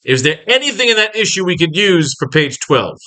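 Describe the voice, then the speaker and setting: A man's voice: high voice, very animated, brisk, pushed and bright. A man teaching comic writing in a casual, rambling and profane way, acting out scenes as he plans pages.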